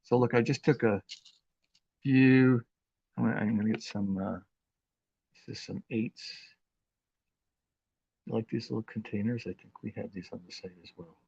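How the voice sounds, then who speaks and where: A man hosting a live craft demonstration, talking in an unhurried, chatty way with plenty of fillers as he works with his hands. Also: fairly low pitch, creaky, a little mellow, husky, dry recording, highs cut off. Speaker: craft demo host.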